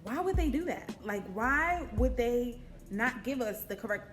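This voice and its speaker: A young woman vlogger telling a casual storytime, animated, swearing and acting out her own panicked quotes. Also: on the high side, measured pace, faint music behind.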